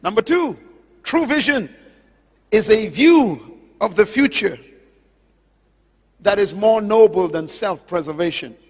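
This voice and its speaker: A man preaches a sermon in a high, lively voice, impassioned and emphatic, leaping from loud, soaring declarations to low, slow, drawn-out words. He addresses listeners directly with pointed questions, and long reverb rings through the large auditorium.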